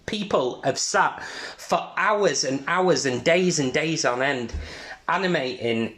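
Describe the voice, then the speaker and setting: A man's voice: fairly high pitch, lively intonation, takes it slowly, a bit bright, roomy sound. A man co-hosting a podcast, chatting about films with rambling enthusiasm and frequent laughter. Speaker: podcast co-host. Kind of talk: casual film chat.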